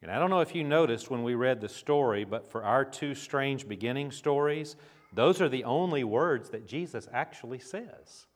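A man preaching a sermon as pastor, dramatic and emphatic, with rhetorical questions and long pauses. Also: fairly high pitch, lively intonation. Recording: reverberant hall.

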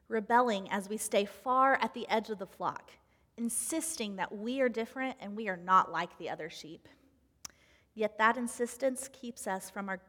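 A woman reading a devotional reflection in an earnest, measured way, slowing down on key phrases. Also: medium pitch, a bit bright. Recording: long hall reverb.

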